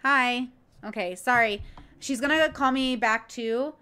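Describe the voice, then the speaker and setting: Woman streamer, bit higher voice, gushing and cursing freely in loose casual chat. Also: unhurried, smooth. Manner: excitable, profane, rambling. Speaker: streamer reacting to video clips.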